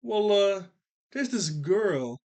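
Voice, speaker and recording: A man voicing a shy young cartoon boy who asks for love advice in a slow, hesitant way. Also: high voice, very animated, a little mellow, voice pushed up, exaggerated voice.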